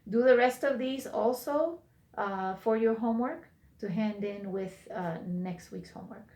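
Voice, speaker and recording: A woman's voice: fairly high pitch, a little slow, a little mellow, echoey room. A woman teaching a recorded language class, patient, repeating and translating each phrase for her students. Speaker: Spanish teacher.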